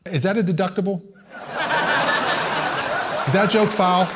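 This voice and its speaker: Male stand-up comic on stage, somewhat high voice, lively storyteller, live room with audience noise. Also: a little slow. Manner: animated storytelling with voiced asides and squawks. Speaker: stand-up comedian. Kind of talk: stand-up comedy set. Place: live comedy venue with audience.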